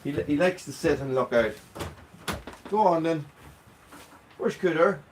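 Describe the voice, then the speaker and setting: A man's voice: a little high, lively intonation, unhurried, slight background noise. Chatty Irish man live-streaming. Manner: chatty, greets viewers by name. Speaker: livestream host. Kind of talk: casual live-stream chat. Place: small wood-stove cabin indoors.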